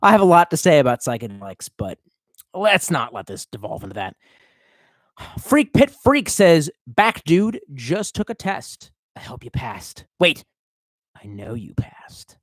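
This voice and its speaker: A man's voice: on the high side, sing-song, a little slow, dry recording. A tipsy man streaming live, reading out chat and rambling in a profane, off-the-cuff way. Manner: profane, rambling, swerving between mumbles and outbursts.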